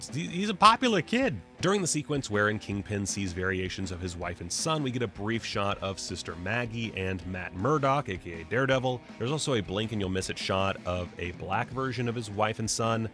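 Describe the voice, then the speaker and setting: A man's voice: lowish voice, a bit bright. A man narrating a movie-trivia video in a casual, enthusiastic way, with joking asides. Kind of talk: casual pop-culture commentary.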